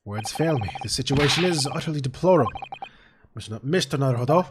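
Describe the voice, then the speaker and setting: A man's voice: medium pitch, lively intonation, fast, very noisy, natural voice. A man voicing a stately, exasperated older male judge in a courtroom game, pompous and formal.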